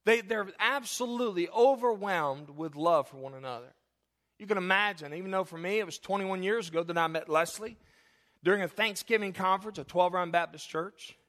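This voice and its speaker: A man in his forties, a pastor preaching a sermon in a church, animated and jokey, telling stories and acting out the people in them. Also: sits high, fairly quick. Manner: animated, jokey, acts out characters in anecdotes. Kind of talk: sermon with storytelling. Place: church sanctuary. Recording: long hall reverb.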